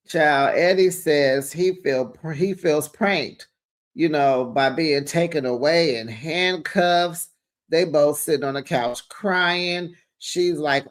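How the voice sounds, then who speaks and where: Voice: mid-range voice, slow pace. A sassy host doing a casual gossipy recap of a reality show, calling viewers besties and child.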